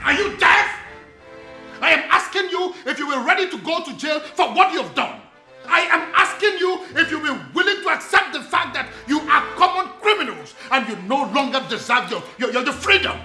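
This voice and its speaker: A man's voice: on the high side, lively intonation, moderate pace, long pauses, faint music behind. An actor with a Nigerian English accent playing a stern, commanding male palace chief in a kingdom. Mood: furious. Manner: commanding, scolding. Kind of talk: film acting.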